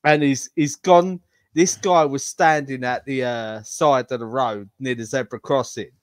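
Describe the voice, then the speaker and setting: A man's voice: medium pitch, fairly even intonation, measured pace, no room sound. An Englishman co-hosting a podcast in a laid-back, jokey way, laughing often. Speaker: podcast co-host. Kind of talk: casual comedic chat.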